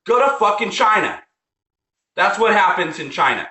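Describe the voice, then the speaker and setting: Man, angry political rant, bright forceful voice, lively swinging pitch, roomy echo. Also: moderate pace. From United States. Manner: heated, profane, repeats himself. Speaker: vlogger.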